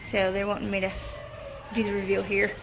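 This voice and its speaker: A woman's voice: medium pitch, completely flat delivery, a little fast, vocal fry, background noise. A woman vlogging on her phone at a family home at night, chatting and laughing often. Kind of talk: casual vlog narration. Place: family house at night, evacuated. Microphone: handheld phone camera.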